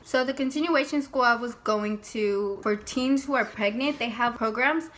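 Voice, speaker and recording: A woman's voice: on the high side, normal speed, fairly bright tone. A young woman hosting a couple's vlog, chatting casually and acting out what people said as she tells her story. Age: young adult. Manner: chatty, retells scenes with quoted voices. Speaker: vlog host.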